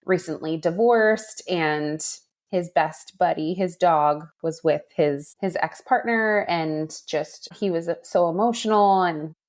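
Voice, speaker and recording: A woman co-hosting a podcast, chatting casually and telling animated stories. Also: on the low side, slow, few pauses. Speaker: podcast co-host. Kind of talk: casual chat.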